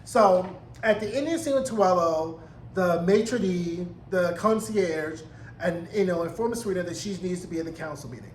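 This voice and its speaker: A man giving an animated, profane, sassy recap of a TV episode in casual commentary. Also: high voice, normal speed. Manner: animated, profane, sassy, acts out character quotes. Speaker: TV recap reviewer. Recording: echoey room, faint noise.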